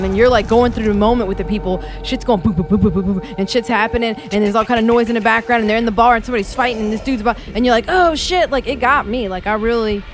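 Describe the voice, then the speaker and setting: A woman co-hosting a casual podcast, talking about movies in a profane, laughing way. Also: on the high side. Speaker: podcast co-host.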